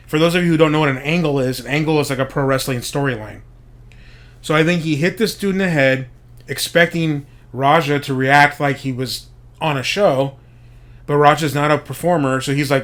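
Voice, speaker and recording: A man's voice: on the high side, brisk, fairly bright tone. A man giving a casual, profane commentary monologue as a show host, speculating and explaining wrestling slang. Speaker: podcast host.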